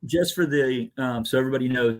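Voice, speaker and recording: A paintball referee in casual chat who explains the rules after a few hesitant starts. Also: male voice, medium pitch, fast.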